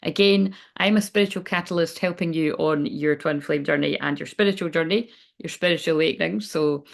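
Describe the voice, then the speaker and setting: A woman's voice: low voice, fairly quick, creaky. A woman who works as a spiritual coach, giving a chatty, rambling oracle card reading and swearing casually.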